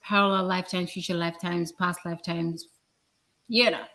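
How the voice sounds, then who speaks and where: A woman giving a blunt, emphatic spiritual talk, with sudden loud bursts. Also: on the low side, level tone, normal speed. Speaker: spiritual speaker.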